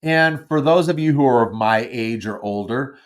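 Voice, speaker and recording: A man's voice: medium pitch, moderate pace. A middle-aged man hosting a live call-in podcast, chatting casually in a rambling, self-deprecating way with lots of fillers and restarts. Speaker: podcast host taking call-ins. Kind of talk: casual live-stream chat.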